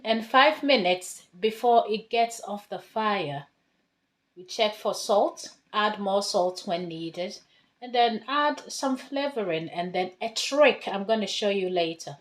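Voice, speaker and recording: Slow-paced chatty woman cooking. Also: medium pitch, a bit bright. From Ghana. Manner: chatty, talks through each step as she cooks. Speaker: home cook. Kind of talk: casual cooking demonstration. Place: home kitchen.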